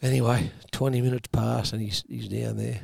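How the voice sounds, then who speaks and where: A man telling a long joke, animated and laughing at his own lines. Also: medium pitch, normal speed, creaky, breathy edge, no echo, clean studio sound.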